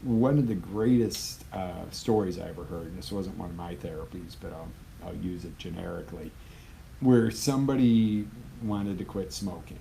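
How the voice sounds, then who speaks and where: Man, live motivational coach, low gravelly voice, punchy and chatty with sudden loud bursts. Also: normal speed, a little hiss or hum, poor audio. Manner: emphatic, conversational, swings from loud bursts to quiet asides. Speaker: life coach.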